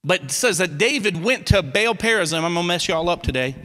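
A pastor preaching a sermon in a folksy, animated way, with a Southern Missouri accent. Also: male voice, high-pitched, fairly quick. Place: church sanctuary. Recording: long church hall reverb.

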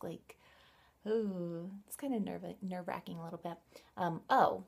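A woman's voice: lowish voice, quick pace, creaky, darkish tone. A young woman chatting casually in her home vlog, giggly and full of "like" and "um". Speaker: beauty vlogger.

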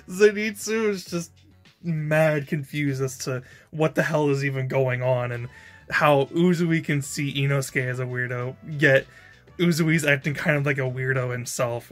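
A man's voice: a little high, fairly bright tone. A man giving a casual episode review, chatty and laughing often, with lots of fillers and casual swearing. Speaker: anime reviewer. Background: faint background music.

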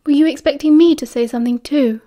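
A woman with a British accent voicing an awkward, hurt teenage boy who speaks haltingly. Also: high-pitched, mellow, close to an everyday voice. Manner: halting, hesitant, gruff.

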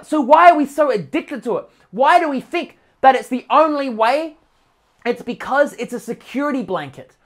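A woman dating coach giving a passionate, swearing motivational rant to camera. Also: high-pitched. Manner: passionate, swears freely, mimics complainers.

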